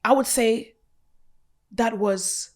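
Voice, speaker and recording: A woman's voice: on the high side, extremely slow, a little mellow. A young woman hosting a podcast, chatting casually with cheeky, slangy banter and frequent laughter. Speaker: podcast host. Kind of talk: casual chat.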